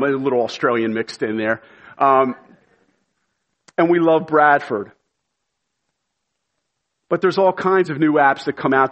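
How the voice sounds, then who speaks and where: Pastor, male, earnest sermon delivery that swells to fervent emphasis, dull lo-fi sound. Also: medium pitch. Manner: earnest, rising to emphatic shouts.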